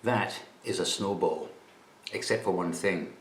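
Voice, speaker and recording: A man's voice: deep voice, measured pace, roomy sound, a little hiss or hum. A Scottish man chatting casually on camera about snacks while tasting them, with a dry, chatty manner. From Scotland. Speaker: vlogger presenting snacks.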